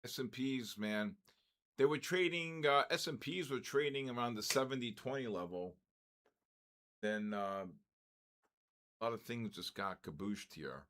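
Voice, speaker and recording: An older man hosting a live trading stream, giving excitable market commentary, greeting viewers and stumbling over his words. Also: mid-range voice, measured pace, pauses often.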